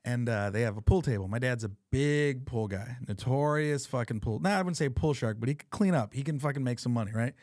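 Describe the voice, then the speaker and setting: A man hosting a podcast, telling funny family stories in a casual, profane, animated way. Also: medium pitch, fairly quick, hardly any pauses, dry recording, clean studio sound. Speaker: podcast host. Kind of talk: casual chat, storytelling.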